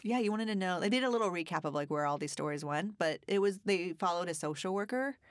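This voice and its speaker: Brief: woman podcast co-host, chatty storyteller, lower voice, dry recording. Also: fast talker, no room sound. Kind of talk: casual chat.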